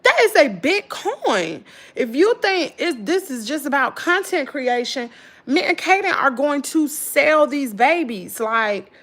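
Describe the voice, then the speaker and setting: A tired woman in her thirties with a Southern US accent, venting in casual chat to her viewers, swinging from loud exclaims to low muttering. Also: big pitch swings, a little slow. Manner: folksy slangy talk, addresses viewers as y'all. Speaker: channel host.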